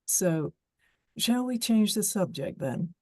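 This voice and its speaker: Woman voicing smug posh young guy, drawling, lower voice, slow, dry. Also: sing-song, dark tone, no echo. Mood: offhand.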